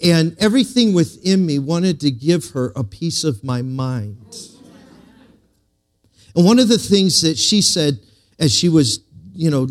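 Storytelling pastor with a higher voice. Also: male voice, animated. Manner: storytelling preacher, swinging from slow emphatic lines to quiet asides. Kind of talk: sermon.

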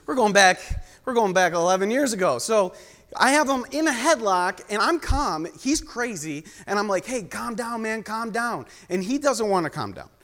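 A man's voice: high voice, lively intonation, moderate pace, a bit bright. A young man preaching a sermon, telling a story and joking with the congregation. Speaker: guest preacher. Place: church sanctuary. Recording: long reverb of a large hall.

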